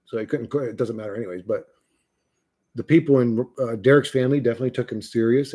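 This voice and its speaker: Dark-voiced profane streamer man. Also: medium pitch, slightly rough. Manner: profane, blunt, rambling with restarts. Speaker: livestream host. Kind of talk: rambling casual livestream chat.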